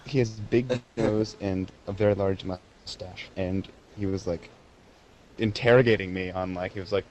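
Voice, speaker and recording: Teen male co-host, lowish voice, rambling and giggly, with faint background noise. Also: steady tone, normal speed, a little mellow, low-quality recording. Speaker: podcast co-host. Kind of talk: casual chat, reading voicemails.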